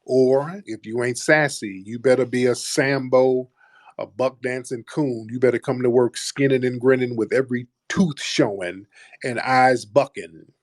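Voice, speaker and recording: A man's voice: medium pitch, steady tone, unhurried, no room sound. A man hosting a call-in talk show, speaking bluntly and mocking callers. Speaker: host.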